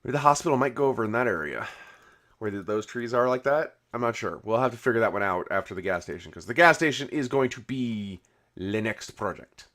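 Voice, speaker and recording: A man's voice: on the low side, expressive, fairly quick, fairly bright tone. A man hosting a game video, chatting casually while he builds and answering viewer comments in a rambling way with many restarts. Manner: rambling, full of "you know" and restarts. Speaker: YouTube game host.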